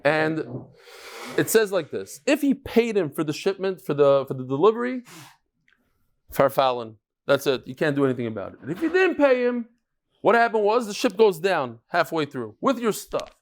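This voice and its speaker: A man leads a daily Talmud class in a fairly high, very lively voice that rises and falls freely. He breaks each case down with rhetorical questions and homely examples, and his delivery stays animated. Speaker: Talmud teacher.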